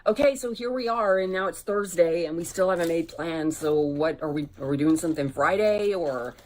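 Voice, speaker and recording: A woman's voice: on the low side, moderate pace, darkish tone. A woman vlogger telling candid dating stories in a casual, conversational storytime way. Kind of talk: chatty storytime vlog.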